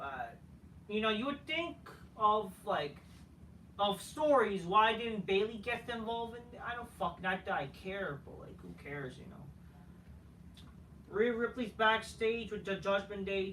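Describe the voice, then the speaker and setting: A man's voice: sits high, animated, unhurried, pushed and bright. A man giving a casual ranting review of a wrestling show, profane, dismissive and rambling. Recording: roomy, faint noise, from a distance.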